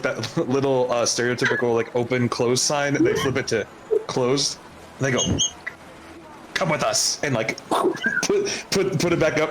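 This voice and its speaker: A man's voice: mid-range voice, noisy background. A man narrating as game master of a tabletop game, rambling with many fillers and laughs.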